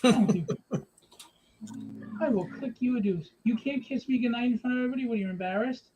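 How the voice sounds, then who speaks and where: A man's voice: very high-pitched, fairly quick, long pauses, warm tone, breathy edge. A man hosting a live stream from home in a casual, joking, teasing way. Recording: dull lo-fi stream audio with faint noise.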